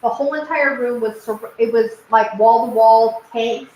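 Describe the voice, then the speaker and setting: High-voiced woman telling animated stories. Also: moderate pace, roomy sound, a little hiss or hum, poor audio. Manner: animated storyteller, swears and laughs often. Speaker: host. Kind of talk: casual chat on a livestream.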